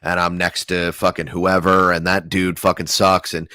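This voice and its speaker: A man from the New Jersey area, co-hosting a podcast in casual chat, full of profanity and animated storytelling. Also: low voice, normal speed, smooth, no room sound. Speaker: podcast co-host.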